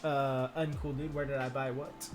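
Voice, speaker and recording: A man's voice: medium pitch, level tone, normal speed, music in the background. A young man chatting casually on a livestream while building a keyboard, answering viewers in laid-back, slangy banter full of swearing.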